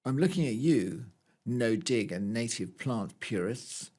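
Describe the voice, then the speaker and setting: A man's voice: medium pitch, expressive, unhurried, a little mellow. A man co-hosting a gardening podcast, chatting casually with jokes and stumbling restarts. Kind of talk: casual chat.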